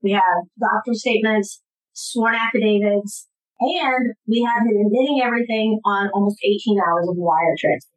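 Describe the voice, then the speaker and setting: A woman guest giving personal testimony in an interview, earnest and emphatic, with halting restarts. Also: mid-range voice, steady tone, rough recording.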